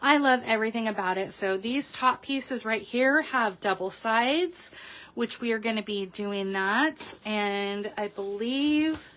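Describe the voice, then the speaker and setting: Woman crafting host, middle-aged, higher voice, slow unhurried delivery, chatty and sentimental. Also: a bit bright. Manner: chatty, emotional, frequent ums and restarts. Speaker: papercraft video host. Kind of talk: casual crafting tutorial.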